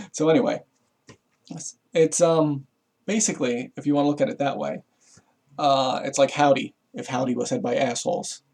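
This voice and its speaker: A vlogger with a warm, medium-pitched voice rambles casually to camera as he explains something. His talk is full of fillers and swearing, and he chuckles often.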